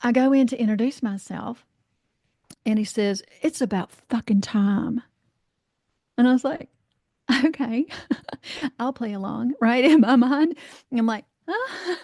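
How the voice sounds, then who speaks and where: A woman's voice: on the high side, normal speed, long pauses, no echo. A woman from North Carolina, a life coach, telling a casual story in a podcast interview, acting out what people said, salting her talk with "you know" and swearing freely. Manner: lively anecdote-telling, acts out quoted voices, frequent "you know", swears freely.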